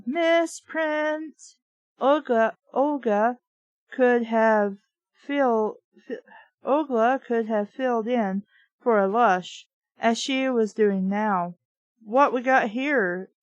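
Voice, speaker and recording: A woman's voice: fairly high pitch, very slow, a little mellow, no room sound, muffled recording. A woman reviewing a book by reading it aloud, breaking off for wry, sarcastic asides. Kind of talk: reading aloud with comic commentary.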